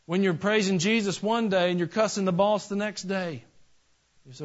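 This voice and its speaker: A man's voice: high-pitched, moderate pace, dull audio. A male pastor preaching a sermon in a folksy, conversational way that builds into emphatic passages.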